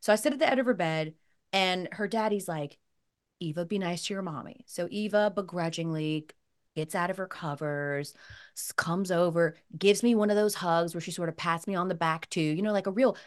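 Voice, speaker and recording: A woman hosting a podcast, telling stories in a lively, animated way with acted-out quotes. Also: on the low side, normal speed. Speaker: podcast host. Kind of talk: casual chat.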